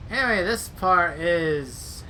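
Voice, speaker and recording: A woman's voice: on the low side, lively intonation, slow pace, bright, forceful tone, slight background noise. A woman doing casual gameplay commentary as a let's player, with dry, joking asides. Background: faint game music.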